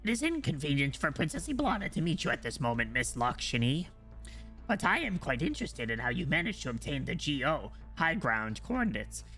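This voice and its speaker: A man's voice: fairly high pitch, big pitch swings, fairly quick, sharp tone, soft background music, pitched above the performer's own voice, exaggerated voice. A man voicing a cold, scheming nobleman while reading game dialogue aloud on a stream. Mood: cool, probing.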